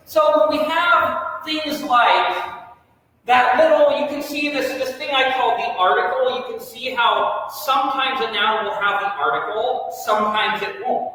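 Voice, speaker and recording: A man teaching a Bible class from slides, explaining in a lively, self-joking way. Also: very high-pitched, measured pace, a little hiss or hum. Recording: echoey hall from far off.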